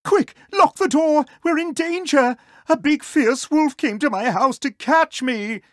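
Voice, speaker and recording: A squealing, panicky pig gentleman. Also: high-pitched, a little slow, no echo, studio quality, pitched above the performer's own voice. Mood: panicked. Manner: squealing, frantic. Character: panicky fussy male pig, high and shrill. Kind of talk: storybook reading.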